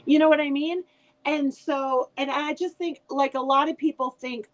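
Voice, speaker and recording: A woman's voice: high-pitched, fairly even intonation, normal speed, low-quality recording. An older grandmother and author, a podcast guest, chatting casually and telling family stories with frequent restarts. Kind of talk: casual chat.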